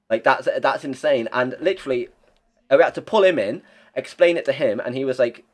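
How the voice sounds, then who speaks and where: A man's voice: mid-range voice, expressive, fairly quick, a little mellow. Young man, podcast guest; blunt, rambling, casual swearing. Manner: rambling, blunt, swears freely, many restarts. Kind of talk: casual chat.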